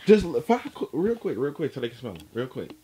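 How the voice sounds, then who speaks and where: Man with a lively teasing voice. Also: medium pitch, quick pace, slight background noise. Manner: teasing, playful. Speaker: prank vlogger. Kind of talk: casual prank vlog.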